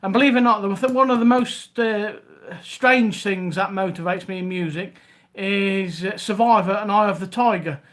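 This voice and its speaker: A man's voice: sits high, moderate pace, few pauses, fairly bright tone. A man with a Scouse accent from Liverpool, hosting a casual live stream and chatting to viewers by name. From Liverpool, England. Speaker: reseller livestream host.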